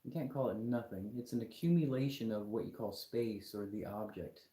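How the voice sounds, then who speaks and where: A man's voice: lowish voice, normal speed, warm tone, reverberant. A young man hosting a live stream, lecturing his chat viewers in an argumentative, mocking way. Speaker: livestream host.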